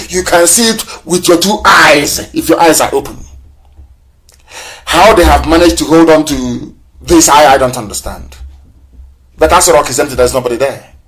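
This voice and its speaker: A man's voice: high voice, fairly bright tone. A man from Nigeria hosting a live political broadcast, speaking in impassioned, repetitive, scornful oratory. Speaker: broadcast host.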